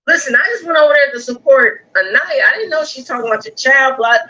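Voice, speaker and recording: A woman guest on a livestream, retelling a dispute in an animated way and acting out the quotes. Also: high-pitched, fast. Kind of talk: casual storytelling on a call. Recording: dull lo-fi call audio.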